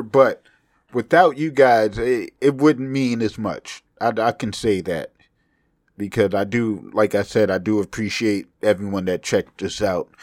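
A man's voice: on the low side, dry recording, clean studio sound. A young man hosting his own podcast, talking loosely and profanely in a rambling, self-mocking way, with a slight speech impediment. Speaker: podcast host. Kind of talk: casual solo podcast monologue.

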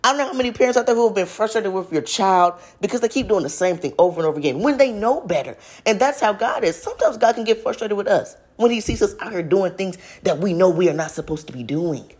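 A woman's voice: medium pitch, expressive, fast, hardly any pauses, a little mellow, breathy edge. A woman in her twenties speaking to viewers in a casual, earnest faith talk, often addressing them as y'all. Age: 20s. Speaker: vlogger.

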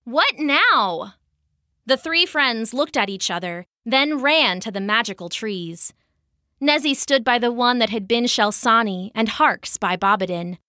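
A woman narrating a children's fantasy story in an expressive, measured way. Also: fairly high pitch, no room sound, clean studio sound.

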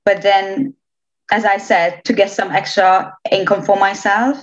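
A woman's voice: medium pitch, fairly even intonation, a little slow. Chatty young woman from Romania. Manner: chatty, hesitant restarts, laughs often. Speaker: interviewee. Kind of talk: casual interview chat. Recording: slightly dull lo-fi sound.

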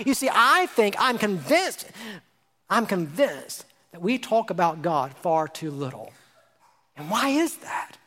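A male pastor preaching a sermon, lively and rhetorical, repeating phrases and asking his congregation questions. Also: high-pitched, measured pace. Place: church sanctuary. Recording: long hall reverb.

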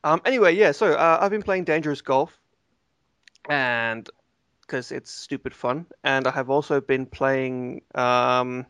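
A man's voice: medium pitch, unhurried, fairly bright tone, clear, resonant tone, no room sound, clean studio sound. A man co-hosting a gaming podcast, chatting in a jokey, rambling way with lots of fillers. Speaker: subreddit moderator and co-host. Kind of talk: casual podcast chat.

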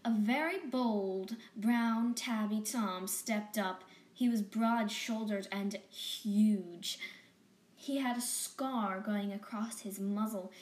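A woman narrating a bedtime story slowly and gently, often dropping into whispers. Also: mid-range voice, echoey room.

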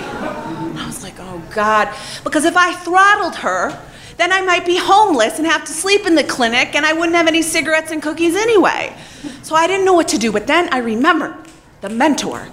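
A woman telling a comic personal story on stage, profane and animated, laughing as she talks. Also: high voice, slight background noise.

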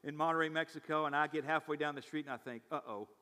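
A male pastor preaching a sermon, telling stories and swinging between loud emphatic bursts and quiet asides. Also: fairly high pitch, little pitch movement, rapid-fire, clean tone. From South Louisiana. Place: church sanctuary. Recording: reverberant church hall.

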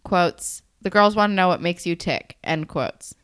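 A woman's voice: lowish voice, unhurried, clear, resonant tone. A young woman co-hosting a podcast, gushing enthusiastically in casual recap chat. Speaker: podcast co-host.

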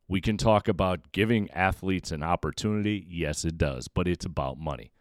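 A man's voice: low-pitched, a little mellow, no room sound, studio quality. A man hosting a solo sports podcast, giving emphatic, opinionated commentary that sometimes stumbles over repeated words. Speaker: podcast host.

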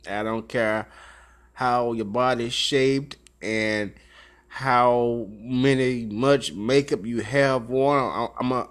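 A man in his thirties hosting a talk show, telling a story in a casual, animated way and laughing often between lines. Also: mid-range voice. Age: 30s.

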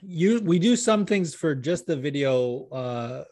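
A man's voice: fairly high pitch, expressive, takes it slowly, a little mellow, no room sound. Laughing, swearing podcast host man. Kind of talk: casual chat.

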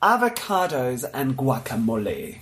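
A young man from Mexico chatting casually as a podcast co-host, animated and laughing often. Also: medium pitch, unhurried. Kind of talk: casual chat.

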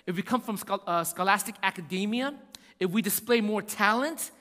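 A man preaching a sermon in an animated way, acting out voices and often asking "right?". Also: sits high, moderate pace, big-room sound. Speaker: pastor.

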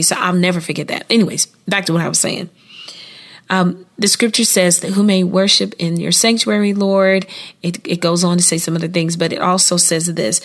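Woman doing a chatty devotional podcast, earnest, mid-pitched voice, laughs a lot and jumps up high now and then. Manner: earnest and conversational, with sudden rises in pitch; often laughs and restarts phrases. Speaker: podcast host and devotional speaker. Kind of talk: informal devotional talk.

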